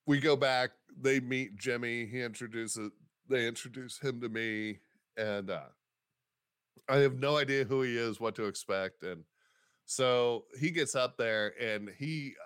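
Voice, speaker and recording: Comedian guest, male, dry close sound, lively raconteur who acts out quotes and swears. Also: medium pitch, a little slow, clean tone, dry recording. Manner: animated, acts out quoted voices, swears casually. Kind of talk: casual interview storytelling.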